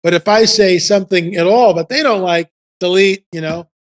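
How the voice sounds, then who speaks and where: A man in his seventies, a podcast guest telling casual stories in an animated, rambling way full of restarts. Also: high voice, normal speed. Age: 70s. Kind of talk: casual storytelling.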